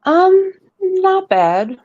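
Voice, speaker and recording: A woman's voice: extremely high pitch, big pitch swings, drawn-out words, mellow, highs cut off. A woman co-hosting a live stream chat, answering with short, dry, laid-back remarks. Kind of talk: casual chat, short replies.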